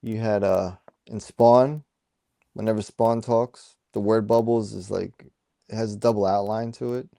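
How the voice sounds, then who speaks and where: A man's voice: fairly low pitch, steady tone, unhurried, gravelly, dark tone, dry recording, studio quality. A man co-hosting a casual comic book podcast, laid-back and jokey, with plenty of fillers and murmured agreement. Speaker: podcast co-host.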